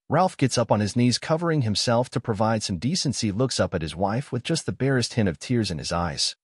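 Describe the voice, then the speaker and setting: A man narrating a written story in an expressive reading style. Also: lowish voice, normal speed, slightly rough, no room sound, studio quality.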